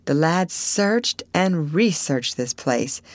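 A woman narrating a classic novel aloud in a measured, expressive storytelling manner. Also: sits low, no room sound. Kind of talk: audiobook reading of a classic novel.

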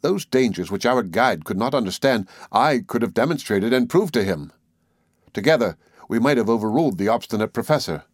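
A male audiobook reader narrating a classic novel in a measured, even delivery. His voice sits at a middling pitch, and the recording is close and dry, with no room sound. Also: no room sound. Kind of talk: scripted narration.

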